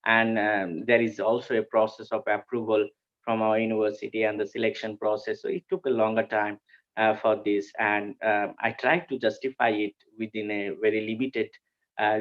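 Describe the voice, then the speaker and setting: A man, presenting a conference paper and pausing often with fillers and restarts. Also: fairly low pitch, dull audio. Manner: hesitant, frequent fillers and restarts. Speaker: academic presenter.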